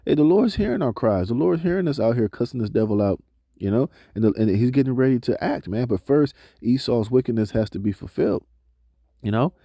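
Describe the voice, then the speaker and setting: Brief: male street preacher, very dark and mellow tone, dry close sound, loose slangy delivery. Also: mid-range voice, animated, no room sound. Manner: casual slangy preaching, often ends phrases with "man", many "uh" fillers; slows down to read scripture aloud. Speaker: street preacher reading scripture. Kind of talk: informal scripture commentary.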